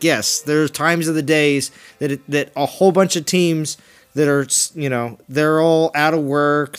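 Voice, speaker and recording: A man's voice: a little high, a bit bright, clear, resonant tone. Rambling man hosting a game stream. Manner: rambling, repeats himself, laughs often. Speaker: livestream host. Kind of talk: casual gaming chat.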